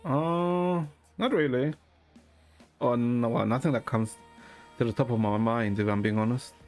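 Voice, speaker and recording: A man streaming and chatting casually with a deadpan manner, swearing often. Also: medium pitch, measured pace, soft background music.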